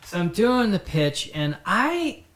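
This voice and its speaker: Male podcast host, high and bright, rambling and profane, telling comic stories in an echoey room. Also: sing-song, slow pace. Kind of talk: casual comedic storytelling. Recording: roomy echo.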